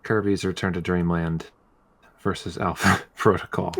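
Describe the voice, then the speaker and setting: A man's voice: deep voice, flat delivery, gravelly, a bit bright. A man hosting a casual group podcast vote, calling out each name and laughing often. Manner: calls names slowly, laughs often. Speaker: host running a game bracket vote.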